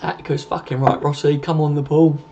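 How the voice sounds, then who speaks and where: Sweary, matey young man, mellow voice. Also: a little high, flat delivery, brisk, lo-fi sound, slight background noise. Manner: sweary, laughing, matey banter. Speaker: live stream host reading viewer comments. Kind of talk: casual live stream chat.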